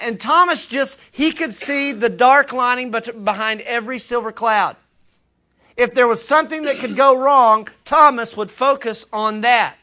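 A man's voice: extremely high pitch, bright, forceful tone. A man preaching a sermon as pastor, earnest and emphatic, with conversational asides to the congregation. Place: church.

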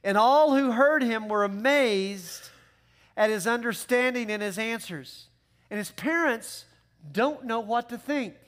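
A male pastor preaching a sermon in an animated, conversational way with joking asides. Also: very high voice, measured pace.

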